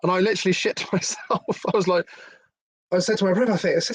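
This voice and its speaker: Man, middle-aged, live-stream host, slightly high voice, chatty, cursing, dry close sound. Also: fairly even intonation, fast talker, slightly rough, dry recording. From England. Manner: chatty, swearing, laughing, reading out viewer comments. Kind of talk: casual live-stream chat.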